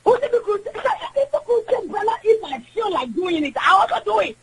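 A woman phones a radio show with her opinion, talking fast in a very high, sing-song voice. Her delivery carries impassioned emphasis and mixes in English. The recording is rough.

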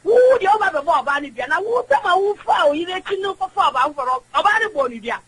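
This radio caller, a woman sharing her opinion, has a very high, expressive voice with a fairly bright tone and a brisk pace. She speaks with impassioned emphasis and slips English into her speech, heard through a rough recording.

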